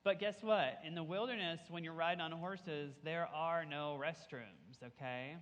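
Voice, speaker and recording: A man, a camp pastor, telling a Bible story to children and leading them in call-and-response shouts. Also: on the high side, unhurried, dull audio. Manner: animated, leads kids in call-and-response shouts. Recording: long hall reverb.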